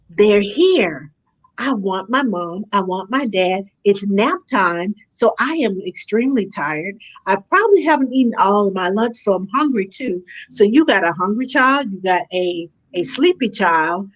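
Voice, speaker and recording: A woman talking as a nanny in a casual conversation, animated and acting out the parents and children she describes. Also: a little high. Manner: animated, acts out parents and kids in quick asides. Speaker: nanny guest.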